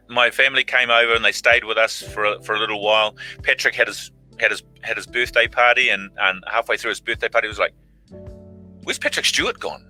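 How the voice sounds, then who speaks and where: Bright-voiced man telling stories. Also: medium pitch, poor audio. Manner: animated, acts out quoted lines in big voices. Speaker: actor guest. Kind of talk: casual anecdotal storytelling. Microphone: video call.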